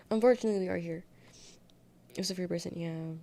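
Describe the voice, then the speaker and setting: A woman's voice: fairly low pitch, fast talker, vocal fry, dark tone. A young adult woman streamer chatting casually and sarcastically, reading viewer comments aloud and rambling between topics. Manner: rambling, sarcastic, reacts to chat. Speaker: livestreamer.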